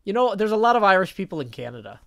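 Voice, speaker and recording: A man's voice: high-pitched, big pitch swings, rapid-fire, creaky, a bit bright. A man chatting casually while gaming on a live stream, reading viewer comments aloud in an easygoing, self-mocking way.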